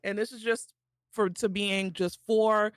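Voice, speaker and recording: A woman's voice: mid-range voice, steady tone, unhurried, smooth. A woman streamer, talking tearfully and affectionately to her friends in casual chat.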